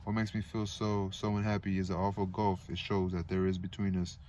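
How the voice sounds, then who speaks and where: Man doing hurt young woman, plaintive, wavering, low flat delivery. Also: brisk, slight background noise, close to an everyday voice. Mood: wounded. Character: emotional, wounded young woman.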